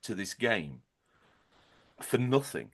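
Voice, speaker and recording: A man's voice: fairly low pitch, big pitch swings, slow pace, husky. A man, co-hosting a gaming podcast in casual chat, playful and rambling with tongue-in-cheek tall tales. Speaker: podcast co-host.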